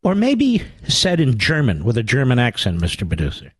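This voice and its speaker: A man's voice: medium pitch, huge pitch swings, moderate pace, husky, dry recording, soft background music. A man hosting a talk radio show, delivering a combative, sarcastic monologue.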